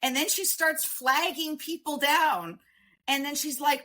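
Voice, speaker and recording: A woman's voice: sits high, unhurried, pushed and bright. A woman from Canada, a podcast guest, telling a story in a rambling casual way with many fillers.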